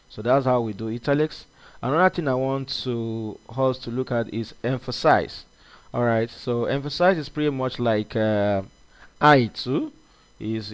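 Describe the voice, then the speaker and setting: A man talks through a screen-recorded coding lesson, circling back on his words with plenty of fillers and restarts. His voice sits at an ordinary middle pitch, and the delivery is loose and unscripted. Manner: rambling, many fillers and restarts. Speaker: coding instructor.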